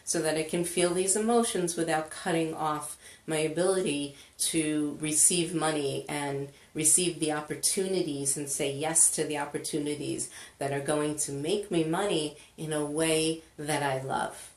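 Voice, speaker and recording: A woman leading a live money-clearing session, chatty and casual, greeting viewers as she goes. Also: sits low, fairly even intonation. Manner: chatty, slow, greets viewers, laughs often. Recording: echoey room.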